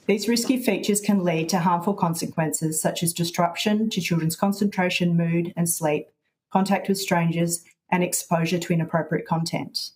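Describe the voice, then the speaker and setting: A woman, a charity policy director, reading a measured, prepared opening statement over a video call. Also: lowish voice, fairly even intonation, darkish tone, low-quality recording.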